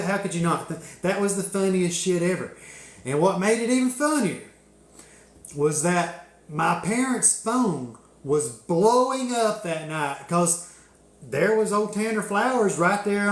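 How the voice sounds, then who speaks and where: A young man with a drawl chats casually on a live stream, swearing freely and breaking into laughter as he spins a story. His voice sits a bit high for a man. The room behind him is echoey.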